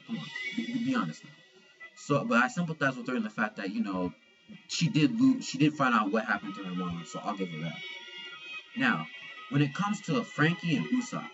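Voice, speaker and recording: A man giving a casual review of a manga chapter, excitable and slangy, swearing freely and restarting his sentences. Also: medium pitch, dull audio.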